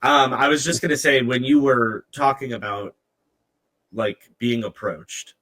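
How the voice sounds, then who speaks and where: Joking male podcast host, bright tone. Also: mid-range voice, fairly even intonation, poor audio. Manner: joking, teasing, quick asides. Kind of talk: casual podcast chat. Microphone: headset.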